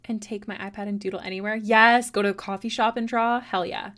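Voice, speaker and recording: A woman's voice: medium pitch, steady tone, fairly bright tone. Chatty, encouraging woman streamer. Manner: chatty, encouraging, quick to laugh, swears casually. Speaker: artist streamer. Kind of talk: casual chat while drawing on a livestream.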